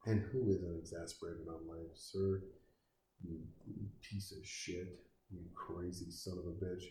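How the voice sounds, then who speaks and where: A man with a low, level, dark voice and a measured pace watches a film and offers crude, sarcastic commentary. He swears and throws mocking asides at the screen in an echoey room.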